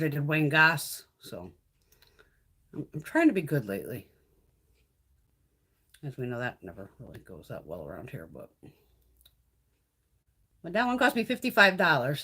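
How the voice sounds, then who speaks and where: A woman's voice: deep voice, big pitch swings, moderate pace, long pauses, sharp tone, husky. A woman beauty vlogger chatting casually on a live stream while doing her makeup, blunt and full of swearing.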